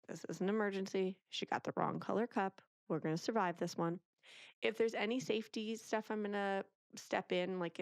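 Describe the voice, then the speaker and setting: A woman in her thirties, a parenting author, appears as a guest in a casual interview. She talks animatedly and acts out what parents and children say. Her voice is lowish and smooth, recorded in studio quality with no echo.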